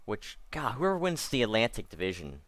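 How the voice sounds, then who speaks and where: A man's voice: on the low side, huge pitch swings, fairly quick, a bit bright, no room sound. A man doing casual let's-play commentary, rambling and correcting himself, with wry asides. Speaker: gameplay commentator.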